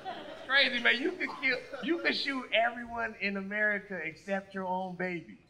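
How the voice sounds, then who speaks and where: A man doing a stand-up comedy set on a club stage, loud and animated, shouting his punchlines into a handheld mic. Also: high voice, moderate pace, a crowd in the background, background noise.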